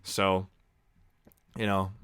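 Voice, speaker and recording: A man's voice: sits low, monotone, extremely slow, fairly bright tone, clear, resonant tone, dry recording. A young man hosting a casual movie watch-along, chatty and sarcastic, with a taste for juvenile jokes. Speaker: movie review host.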